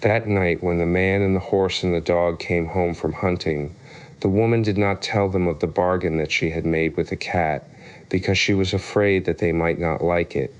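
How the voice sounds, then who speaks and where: Deep smooth-voiced male storyteller. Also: steady tone, moderate pace. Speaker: audiobook narrator. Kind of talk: storybook narration.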